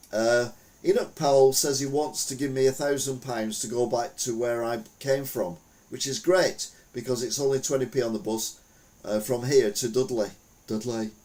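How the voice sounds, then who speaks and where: Man, podcast host, casual news chat, wry rambling asides, mid-pitched voice. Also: darkish tone. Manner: rambling, wry, self-mocking jokes with filler-heavy asides.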